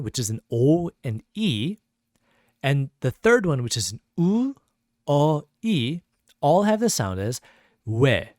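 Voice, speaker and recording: A man's voice: mid-range voice, darkish tone, no echo, studio quality. A man teaching a pronunciation lesson, patiently repeating each sound several times. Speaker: language teacher.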